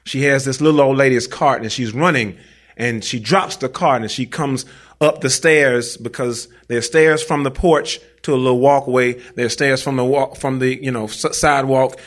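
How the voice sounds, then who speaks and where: Slangy man telling a story on stage. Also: medium pitch. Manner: casual slangy conversational telling, talks straight to the audience. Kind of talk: live personal storytelling on stage.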